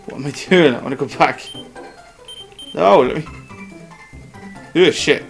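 A man's voice: a little high, measured pace, gravelly, pauses often, music in the background. A man casually commenting on a game he plays, swearing and joking as he reads the text aloud. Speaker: gameplay commentator. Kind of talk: casual let's play commentary.

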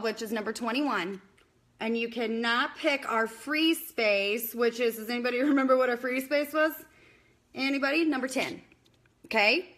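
A woman's voice: on the high side, fairly bright tone. A young woman hosting a casual live-stream bingo game, chatty and scattered, talking to viewers by name.

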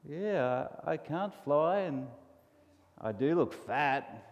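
A man voicing a gentle young male caterpillar who speaks softly and doubts himself. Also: a little high, animated, slow pace, big-room sound, highs cut off. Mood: wistful.

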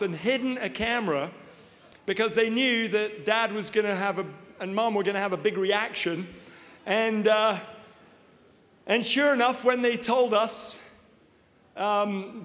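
A man in his fifties preaching a sermon full of funny personal stories, animated and self-deprecating, laughing often. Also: very high-pitched. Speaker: guest preacher. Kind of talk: humorous storytelling sermon. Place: large church auditorium. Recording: long reverb of a large hall.

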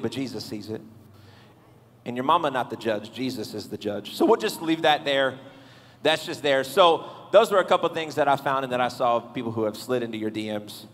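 A man preaching a casual, comedic sermon to a young crowd, joking, animated and talking straight to the audience. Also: medium pitch, long reverb tail, a little hiss or hum. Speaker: youth pastor. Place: large church hall.

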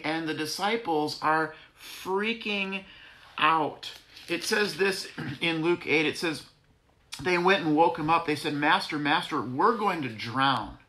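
A man's voice: on the high side, sharp tone. A man giving an earnest, conversational devotional sermon as pastor, repeating phrases for emphasis. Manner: earnest, repetitive, conversational preaching with self-corrections. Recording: echoey room.

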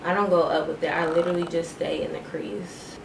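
Speaking a little fast in a low voice with little pitch movement, a young woman vlogger chats through her makeup routine. She addresses viewers as "y'all" and "girl," and the echoey room adds faint noise.

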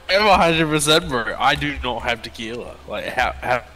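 A man's voice: medium pitch, animated, moderate pace, sharp tone, faint music behind. A man voicing a laid-back Australian bartender in a game roleplay, swearing casually and saying mate constantly.

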